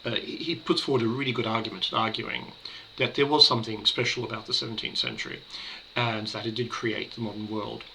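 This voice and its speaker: A man giving a casual spoken book review, measured and hesitant, pausing on fillers and restarting his sentences. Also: lowish voice, steady tone, creaky, sharp tone, slight background noise, low-quality recording.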